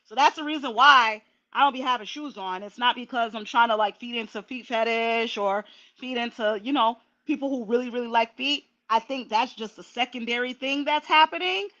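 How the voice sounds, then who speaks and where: A woman hosting a casual livestream, chatty and animated, talking straight to her viewers. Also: a little high, fairly quick, muffled recording. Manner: chatty, animated, laughing asides. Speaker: livestream host.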